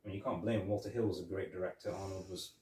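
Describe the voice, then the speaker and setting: A man's voice: low-pitched, fairly even intonation, darkish tone, distant mic. A man co-hosting a casual film review podcast, rambling and restarting his sentences often. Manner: rambling, halting, many restarts and fillers. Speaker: podcast co-host. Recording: echoey room, voice off-mic.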